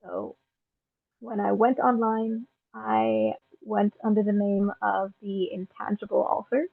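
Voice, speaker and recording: A woman's voice: mid-range voice, dry recording. A young woman with an Irish accent, a guest poet chatting casually in an interview, with frequent ums and easy laughter, heard over a remote call. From Ireland. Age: young adult. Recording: tinny phone-like remote call.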